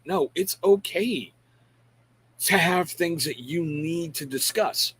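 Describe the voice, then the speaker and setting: Speaking slowly but animatedly in a slightly high, fairly bright and somewhat rough voice, a middle-aged live show host rambles through a casual stream. He's candid and self-deprecating, cutting himself off to say hello to viewers by name. The audio is poor.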